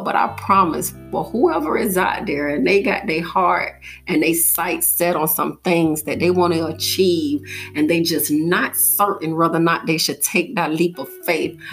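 A woman's voice: deep voice, creaky. A young woman hosting a podcast, telling a personal story in an earnest, heartfelt motivational monologue. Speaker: podcast host.

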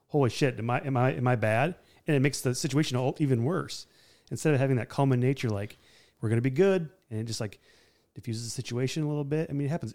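A man's voice: mid-range voice, darkish tone. A man hosting a casual podcast conversation who reflects on a guest's story and stresses his points.

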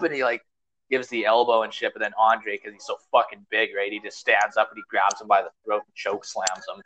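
A man's voice: lowish voice, flat delivery, brisk, a bit bright, low-quality recording. A young man hosting a podcast, rambling in casual chat, swearing often and packing his talk with fillers. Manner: rambling, profane, full of fillers. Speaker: podcast host.

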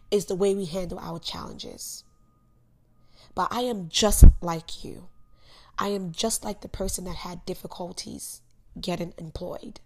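A young woman hosting her own podcast, telling an emotional personal story in earnest, with sudden loud bursts and soft, hushed asides. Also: fairly low pitch, creaky. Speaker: podcast host. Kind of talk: personal motivational monologue.

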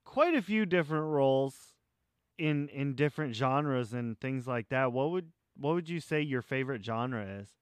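A man hosting a podcast, asking questions and reacting in a relaxed, casual interview. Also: medium pitch, normal speed, smooth, dry recording, clean studio sound. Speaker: podcast host.

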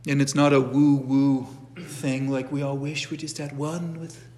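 A middle-aged man teaching a catechism class in a church, speaking at an everyday pitch. He talks conversationally, often breaks off to restart a sentence, and drops in casual asides. His voice carries a long echo from the church hall. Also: little pitch movement, a little slow, a little mellow, slight background noise. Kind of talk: informal church class lecture.

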